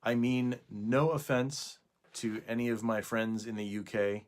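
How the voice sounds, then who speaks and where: A man talking casually to camera indoors for a video response, hesitant, with frequent pauses and fillers. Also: mid-range voice, fairly even intonation. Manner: hesitant, with many fillers and restarts. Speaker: YouTuber making a video response. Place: indoors at night.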